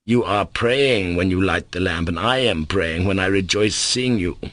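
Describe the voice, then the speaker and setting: A man voicing a gentle, tender young man who is dying, speaking in soft, caressing words. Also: low-pitched, moderate pace, no room sound, clean studio sound. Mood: tender, joyful.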